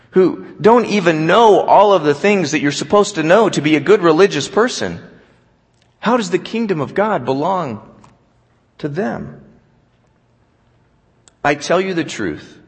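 A man preaching a sermon, telling stories with animation and dropping to a quiet voice for scripture. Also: on the high side. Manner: storytelling, animated, drops to quiet for quoted scripture. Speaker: pastor. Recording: long hall reverb.

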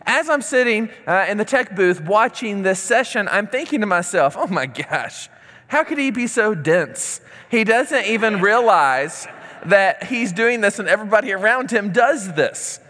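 A man preaching a sermon and telling a story, acting out quoted dialogue in lively voices. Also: high voice, moderate pace. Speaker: pastor. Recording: long hall reverb.

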